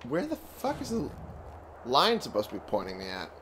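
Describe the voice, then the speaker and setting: A man's voice: medium pitch, wildly swooping pitch, moderate pace. A man giving casual, grumbling gameplay commentary, sleepy and yawning now and then, swearing at the game. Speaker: let's play gamer. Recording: clear background noise.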